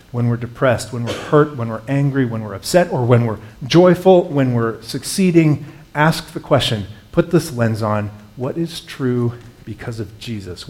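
A man's voice: mid-range voice, darkish tone. A man, a pastor with young children, preaching a sermon in an earnest, conversational way, rising into emphatic passages.

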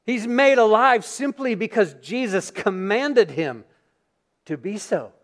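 A pastor delivering a Sunday sermon, his voice sitting high for a man. He moves from reading scripture to vivid, animated storytelling, acting out the scene for the congregation. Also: takes it slowly. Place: church sanctuary.

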